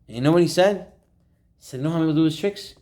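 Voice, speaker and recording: This rabbi's voice is a little high and he races through his informal Torah class. Animated in his storytelling, he acts out each quote.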